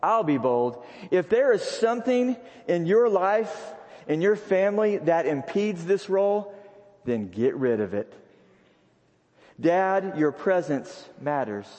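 A high-pitched man delivers a sermon at an unhurried pace, repeating his key lines for emphasis. His voice carries a long reverb from a large sanctuary with a balcony. It sounds like it was recorded live in the room. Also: animated, warm tone. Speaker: pastor.

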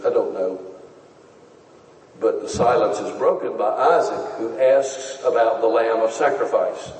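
A man preaching a sermon, teaching in a measured and earnest way. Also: on the low side, darkish tone, slight background noise. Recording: echoey hall, voice from far off.

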